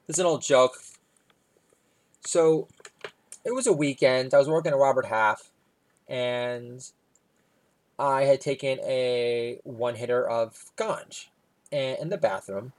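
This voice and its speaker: A man tells stand-up stories about family life. His delivery is wry, with quick asides. When he quotes his small daughter, his pitch jumps up. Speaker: stand-up comedian. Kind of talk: stand-up storytelling.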